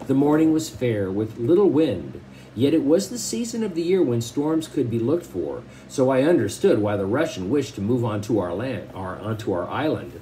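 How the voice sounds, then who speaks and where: A man reading a novel aloud and stopping to explain it in relaxed, plain asides. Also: medium pitch, normal speed, slight background noise, low-quality recording.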